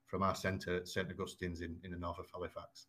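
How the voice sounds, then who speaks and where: Man, Yorkshire accent, lowish voice, measured and explanatory, frequent ums and restarts. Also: monotone, fairly bright tone. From Yorkshire, England. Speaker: guest. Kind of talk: conversational explaining.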